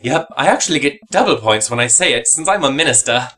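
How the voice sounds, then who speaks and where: A man's voice: medium pitch, animated, fast talker, pushed and bright. A man voicing a cheerful, slightly smug middle-aged minister with a teasing manner.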